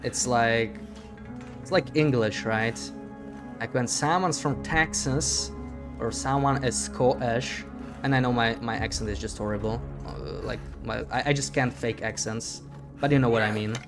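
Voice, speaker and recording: A man's voice: medium pitch, a little slow, over music. A young man chatting casually on a live stream while he plays, reading chat aloud and joking about himself. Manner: chatty, reads chat aloud, self-deprecating laughs.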